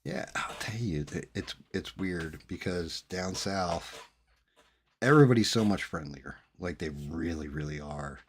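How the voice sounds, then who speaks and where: A man's voice: sits low, unhurried, slight background noise. A middle-aged man from New Jersey, chatting casually with viewers and telling rambling, profane stories. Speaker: streamer host chatting with viewers. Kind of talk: casual chat.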